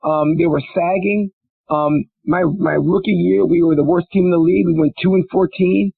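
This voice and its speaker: A middle-aged man from Minnesota, once a pro football player, recounts his career in a loose, rambling way, full of restarts and fillers. His voice is gravelly and husky. The sound is dry and thin, as if over a phone. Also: fairly even intonation, moderate pace, no echo, narrow, tinny audio. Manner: rambling, many restarts and fillers, laughs into high-pitched bursts. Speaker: former football player, guest. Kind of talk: casual storytelling interview.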